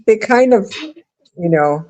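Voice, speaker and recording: A man's voice: high-pitched, a little mellow, slight background noise, low-quality recording. A man hosting a livestream in casual chat, laughing often and restarting his sentences. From United States. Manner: chatty, laughing, many restarts. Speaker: livestream host.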